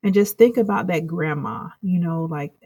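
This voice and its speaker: A woman's voice: lowish voice, moderate pace, dark tone, slightly rough, no echo. A woman guest in an interview, speaking earnestly and reflectively, rambling through her thoughts. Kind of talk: casual interview chat.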